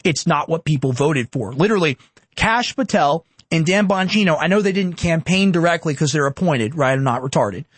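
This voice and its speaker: Young man in his twenties, political commentary, heated and sarcastic, high voice, dry close sound. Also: lively intonation, brisk, slightly rough, no room sound. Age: 20s.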